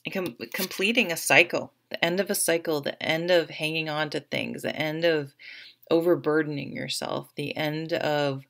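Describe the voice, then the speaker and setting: A woman's voice: low voice, steady tone, normal speed, creaky, fairly bright tone. A woman giving a chatty, encouraging tarot reading straight to her viewers, with many fillers along the way. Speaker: tarot reader. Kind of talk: casual tarot reading to camera.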